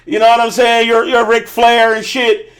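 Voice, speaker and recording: A man's voice: extremely high pitch, completely flat delivery, normal speed, a bit bright, smooth. A man hosting a podcast, ranting with a lot of swearing in casual chat. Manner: profane, ranting. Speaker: podcast host.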